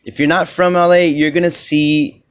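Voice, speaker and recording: A man's voice: fairly high pitch, little pitch movement, normal speed, clean tone. Rambling man hosting a solo podcast. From Los Angeles. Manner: rambling, loose, many "you know" fillers. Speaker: podcast host. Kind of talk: casual solo podcast monologue.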